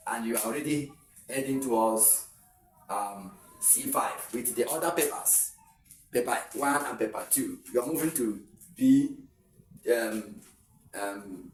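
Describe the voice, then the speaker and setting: A man's voice: mid-range voice, far from the mic. Nigerian man tutoring in an echoey room. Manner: explaining step by step, repeats points, chuckles. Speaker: exam tutor. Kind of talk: video lesson.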